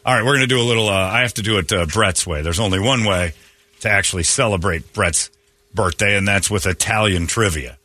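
A man's voice: on the low side, a little fast, bright, forceful tone, dry recording. A man hosting a morning radio show, teasing his cohosts and laughing often in casual banter. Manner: joking, teasing, laughs a lot.

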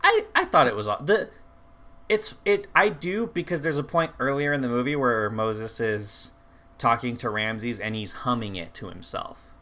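Male podcast co-host, bright tone, loose and profane, quick to laugh. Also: mid-range voice, animated. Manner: swears freely, laughs often, restarts sentences. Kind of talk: casual movie recap chat.

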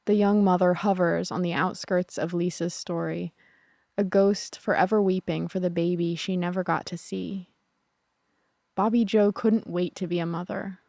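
A woman narrating a true crime podcast in a somber, measured way. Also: fairly low pitch, steady tone, creaky, darkish tone, dry recording, studio quality.

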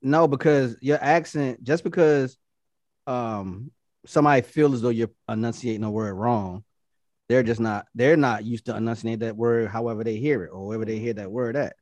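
A man's voice: mid-range voice, moderate pace, no room sound. Profane man arguing his point. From Baltimore. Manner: animated, profane, argues points with quoted voices. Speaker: podcast co-host. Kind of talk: casual chat.

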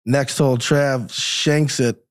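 A man guest on a podcast, chatting casually about golf in a halting, rambling way and often repeating words, recorded on a studio microphone. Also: medium pitch, fairly even intonation. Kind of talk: casual chat.

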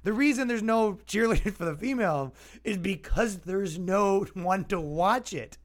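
Sarcastic high-voiced man ranting. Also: a little slow. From Canada. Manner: sarcastic, mocking, acts out imagined dialogue. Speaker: podcast host. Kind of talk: comedic rant.

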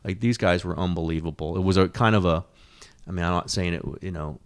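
A middle-aged man hosting a casual sports talk show, rambling and animated, with frequent restarts and the odd swear. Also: sits low, quick pace, clear, resonant tone. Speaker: sports columnist and podcast host.

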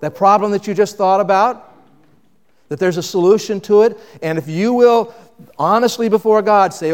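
Male pastor, slightly high voice, dynamic sermon delivery, reverberant church hall. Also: moderate pace. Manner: dynamic, swings between loud emphasis and quiet reflection.

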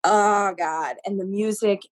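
A woman in her thirties from Maine, a Broadway performer talking in a casual interview, telling stories in an effusive, animated way. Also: medium pitch, unhurried. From Maine, USA. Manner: effusive, animated storytelling with lots of "like".

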